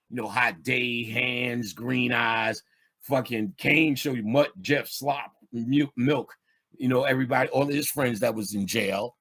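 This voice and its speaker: A man's voice: medium pitch, moderate pace, bright, forceful tone, breathy edge. A man, telling street stories in a loose, streetwise way with plenty of swearing. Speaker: podcast guest speaker. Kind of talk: casual storytelling chat.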